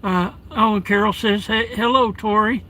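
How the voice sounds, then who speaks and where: Affectionate high-voiced man streaming live. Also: fairly even intonation, bright, forceful tone, poor audio. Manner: friendly, calls viewers darling and brother, halting restarts. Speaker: live streamer reading chat. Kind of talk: casual live stream chat. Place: inside a parked vehicle at home during a blizzard.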